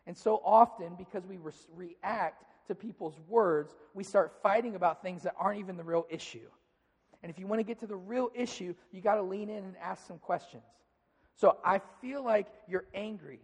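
A man's voice: high voice, normal speed, slightly rough, big-room sound. A man preaching a sermon as pastor, talking conversationally and acting out little dialogues.

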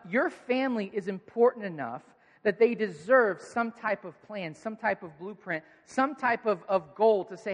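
A man's voice: sits high, lively intonation, moderate pace. A man preaching a conversational, earnest sermon as a pastor to a church congregation. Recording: reverberant hall.

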